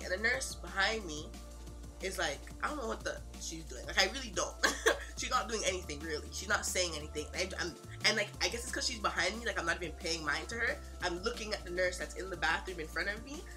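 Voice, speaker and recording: A young woman tells an emotional story, talking in a slangy, animated way with many fillers and sudden loud and quiet stretches. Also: mid-range voice. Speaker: vlogger, mother.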